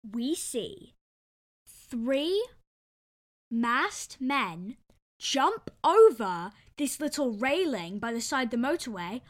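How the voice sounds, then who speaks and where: A young woman from the United Kingdom, co-hosting, excitedly telling a story in casual chat. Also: sits high, slow. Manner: excitable, yells lines in retelling.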